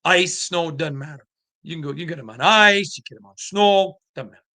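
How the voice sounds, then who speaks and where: Delivering casual sports talk on his podcast, a man speaks a little fast in a bright, forceful, high-leaning voice. He's emphatic and animated, often starting over and dropping in asides.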